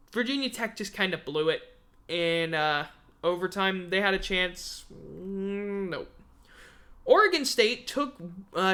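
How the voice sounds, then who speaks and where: A man's voice: high-pitched, bright, forceful tone. A man hosting a casual sports recap, blunt and sarcastic, tired and yawning. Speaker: host of a sports podcast.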